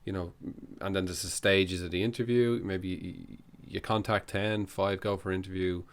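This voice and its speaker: A man's voice: sits low, steady tone, moderate pace, slight background noise. A man hosting a casual podcast interview, thinking aloud with restarts and short backchannels. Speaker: podcast host.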